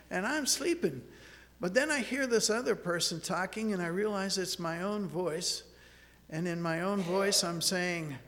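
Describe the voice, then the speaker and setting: A man preaching a sermon, moving from scripture into a personal story, earnest and halting, often repeating words as he restarts. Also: high-pitched, gravelly, a bit bright, big-room sound.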